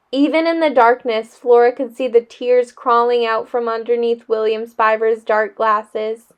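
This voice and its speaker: A woman teacher reads a children's novel aloud to her class in a measured, expressive way. Her voice sits high and she takes her time, letting each sentence land. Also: smooth.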